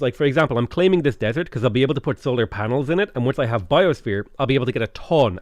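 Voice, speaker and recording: A man's voice: medium pitch, no room sound. A man commenting casually on his strategy game for chat, speaking frankly into a close broadcast mic, swearing now and then. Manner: talks to chat, frank, swears when annoyed. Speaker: streamer playing a strategy game. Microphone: dynamic broadcast mic a fist from the face.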